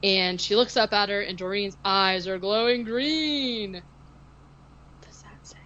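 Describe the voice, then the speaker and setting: A woman's voice: medium pitch, unhurried, bright, forceful tone, highs cut off. Rambling woman recapping a movie. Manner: rambling, many likes and ums. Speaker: podcast co-host. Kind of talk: casual movie recap chat.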